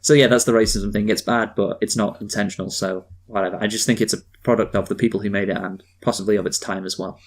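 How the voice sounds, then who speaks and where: A man's voice: on the low side, steady tone, fast, few pauses. A man co-hosting a casual film review podcast, talking in a rambling, hesitant way full of fillers.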